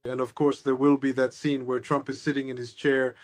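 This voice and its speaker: A man's voice: mid-range voice, flat delivery, a little fast, no echo. A man giving political analysis as an interview guest, sardonic and expansive.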